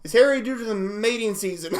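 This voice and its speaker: A young man hosting a casual reaction livestream, excitable and exclamatory, laughing often. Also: high-pitched. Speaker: livestream host.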